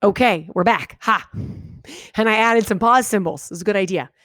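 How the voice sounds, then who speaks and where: A woman teacher talks her students through a video lesson in an animated way, with a voice of middling pitch. She reads example sentences aloud with big, exaggerated pauses. The sound is dry and close, with no room echo. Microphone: webcam microphone.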